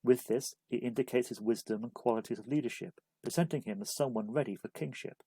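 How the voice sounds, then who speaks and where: A man reads a scripted study-guide lesson in a measured, even way. His voice is mellow and a little husky, and the recording is dry and close. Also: mid-range voice, no room sound, low-quality recording. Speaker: literature explainer. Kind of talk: scripted narration.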